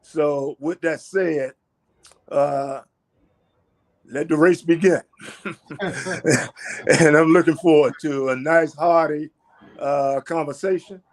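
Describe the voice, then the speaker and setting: A man speaking at a candidates' forum in a measured, conciliatory way. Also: on the high side, fairly even intonation. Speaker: political candidate. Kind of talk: forum speech.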